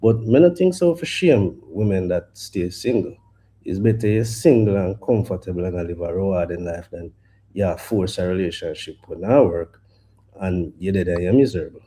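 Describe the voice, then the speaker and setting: A Jamaican-accented man sharing his view on a discussion panel in a measured, reflective way. His voice is very low and husky. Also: dark tone.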